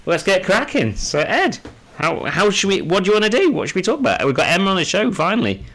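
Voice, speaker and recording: A man's voice: high-pitched, sing-song, fast talker, fairly bright tone. Man, English accent, podcast co-host, upbeat and chatty, casual talk.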